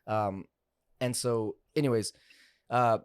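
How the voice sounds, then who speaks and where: A man's voice: mid-range voice, steady tone, slow pace, clear, resonant tone, no echo, studio quality. A young man, a car salesman and podcast guest, telling a story in loose, profane casual chat. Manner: loose, profane, lots of fillers like "like" and "bro".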